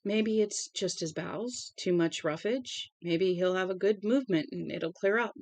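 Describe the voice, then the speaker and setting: A woman's voice: medium pitch, moderate pace, no room sound, lightly acted. A woman reading aloud voicing an older man who sounds upset and scared. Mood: worried. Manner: anxious.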